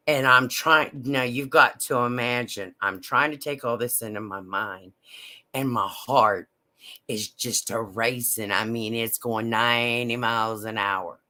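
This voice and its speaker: A woman telling a personal story in a slow, halting, emotional way. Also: extremely low pitch, sharp tone. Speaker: vlogger.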